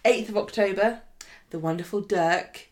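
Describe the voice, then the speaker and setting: A woman's voice: medium pitch, normal speed, a little mellow. British woman, podcast co-host and quizmaster, dry teasing delivery. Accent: British English. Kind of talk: casual chat, reading quiz questions.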